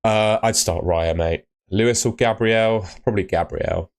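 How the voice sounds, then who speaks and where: Deep-voiced man streaming advice. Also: a little slow. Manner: chatty, blunt advice, often ends with "mate". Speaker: fantasy football streamer. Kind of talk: casual live-stream chat.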